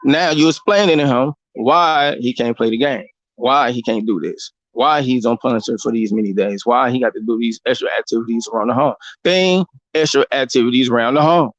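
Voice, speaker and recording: A blunt man, talking in a casual, opinionated way and swearing freely. His voice sits mid-pitch and climbs when he drives a point home. The sound is dry and a little dull. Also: a little fast, dry recording. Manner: blunt and profane, lecturing with rising emphasis. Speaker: podcast host.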